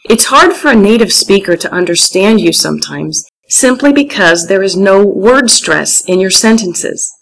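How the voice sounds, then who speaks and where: A woman's voice: mid-range voice, expressive, moderate pace, hardly any pauses, a bit bright, low-quality recording. An American woman gives an English lesson, reading telephone phrases aloud for learners. She leans hard on the stressed words, so her delivery sounds almost sung. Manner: clear, strong word stress, sing-song delivery. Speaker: English teacher.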